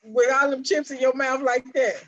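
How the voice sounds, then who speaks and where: A woman's voice: high-pitched, steady tone, fairly bright tone, highs cut off. A woman in a casual chat, teasing the others and restarting her words as she talks. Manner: teasing, quick, stumbling restarts.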